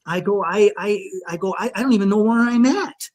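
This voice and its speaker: A man with a high-sitting voice, guesting on a podcast, recounts a frightening personal encounter. He's shaken and emotional, halting through restarts and lots of "you know".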